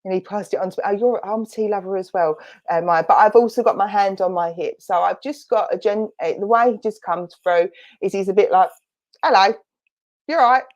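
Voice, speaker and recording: A woman's voice: mid-range voice, brisk, a little mellow. A woman with an Essex accent, a spiritualist medium giving a chatty spirit reading in an online church service, thinking aloud as she relays messages.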